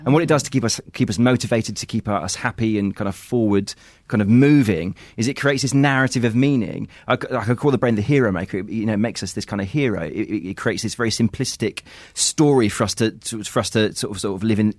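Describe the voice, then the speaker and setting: A man appearing as an author guest on a podcast, telling stories eagerly with halting restarts and frequent laughs. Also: lowish voice, dry recording, studio quality. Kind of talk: conversational interview.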